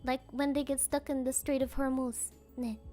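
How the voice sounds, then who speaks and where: A woman's voice: sits high, little pitch movement, normal speed, loud music behind the voice. A woman streamer chatting casually and playfully, stumbling through tongue twisters with giggles and dropping Japanese fillers into her English.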